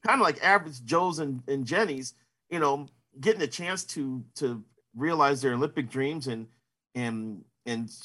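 A man's voice: medium pitch, normal speed, pushed and bright. A man in his fifties, a sportswriter, answering interview questions in a casual, rambling way full of "you know" fillers.

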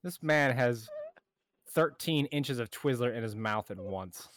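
A man co-hosting a podcast in casual chat, joking with dark humor and laughing a lot. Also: mid-range voice, lively intonation, unhurried, dry recording, clean studio sound. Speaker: podcast co-host.

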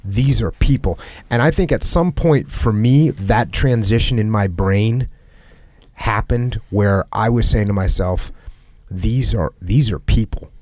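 A man's voice: fairly low pitch, measured pace, a little mellow, no echo. A man hosting a podcast, talking earnestly in a reflective conversation and repeating phrases for emphasis. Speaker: podcast host. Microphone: headset.

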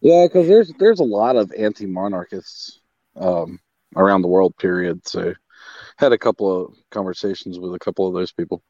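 Man, very low voice, loose podcast chat full of restarts, dry muffled line. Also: animated, normal speed, a little mellow, no echo. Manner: rambling, many restarts and fillers. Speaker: podcast co-host. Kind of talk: casual chat. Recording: dull, lo-fi sound.

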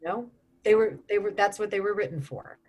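Woman, 40s, audiobook narrator, chatty interview talk, frequent fillers, mid pitch. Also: a little fast, a crowd in the background. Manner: chatty, frequent ums and restarts. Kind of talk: casual interview chat.

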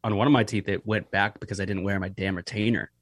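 A young man talking as a podcast guest, slightly low-voiced and easygoing. He rambles along with lots of fillers and the occasional swear word. The recording is dry and close-miked. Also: steady tone, fast, no echo. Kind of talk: casual podcast conversation.

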